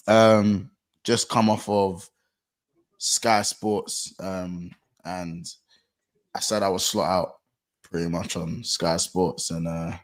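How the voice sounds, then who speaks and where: A young man chatting casually about football on a podcast, laid-back and slangy, trailing off quietly. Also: fairly low pitch. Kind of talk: casual chat.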